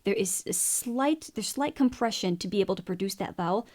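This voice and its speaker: A woman vocal coach teaching a singing lesson, explaining vocal technique in a clear, instructive way. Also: mid-range voice, expressive, a little fast, darkish tone. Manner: explains clearly, then demonstrates sung syllables and counts beats.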